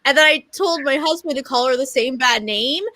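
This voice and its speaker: A woman co-hosting a comedy podcast, telling an animated story and acting out the voices she quotes. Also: high voice, a little fast, dry recording.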